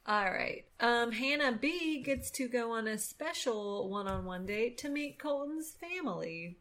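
A woman's voice: fairly high pitch, animated, measured pace, fairly bright tone. A young woman casually chatting as a podcast co-host, joking and filling her talk with "like" and "um.". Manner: chatty, joking, lots of fillers and "like". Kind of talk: casual chat recapping a reality TV episode.

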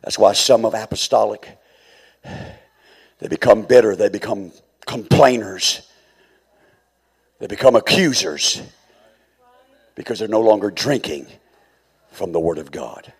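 A man preaching a sermon as pastor, swinging from quiet, low passages to high, shouted calls. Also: unhurried, pauses often, husky.

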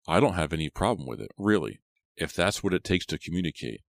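A man's voice: deep voice, sing-song, fast, vocal fry, full character voice. A man doing an unhinged young captor. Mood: rambling. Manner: muttering, rambling, menacing. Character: unstable young man, menacing and rambling.

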